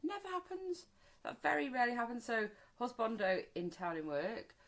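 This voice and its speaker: A woman in her forties from the Wirral, England, co-hosts a casual chat podcast, talking freely, swearing, and acting out bits of dialogue. Her voice is fairly high, creaky, and brisk with lively intonation, on a low-quality recording.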